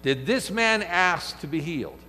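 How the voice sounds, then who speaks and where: A man preaching a sermon, animated, firing off rhetorical questions and acting out quoted speech. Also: sits high, a little slow. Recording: long hall reverb with mains hum.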